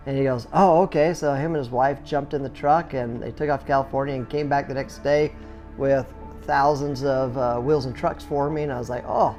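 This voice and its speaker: Middle-aged guy rambling through a story, lots of "you know"s, mid-pitched voice, faint music under it. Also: fairly quick. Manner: chatty, full of "you know" fillers and restarts; animated, acts out sounds and reactions. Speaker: skateboard business owner. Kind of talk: casual storytelling.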